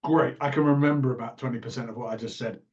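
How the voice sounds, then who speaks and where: A man's voice: medium pitch, steady tone, fast talker, a little mellow. Male podcast co-host, playful rambler, muffled lo-fi recording. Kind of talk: casual chat.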